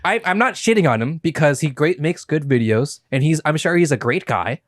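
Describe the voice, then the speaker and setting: Young man, podcast co-host, animated, swears a lot, dry close mic. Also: on the high side, brisk, no echo. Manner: animated, swears freely, does mock YouTuber voices. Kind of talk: casual podcast chat. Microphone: studio microphone with headphones.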